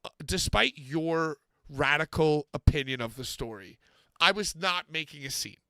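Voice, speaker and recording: A man telling a story on a podcast, animated, swearing often and acting out moments. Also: on the high side, normal speed, clear, resonant tone, dry recording. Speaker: podcast co-host. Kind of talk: casual comedic storytelling.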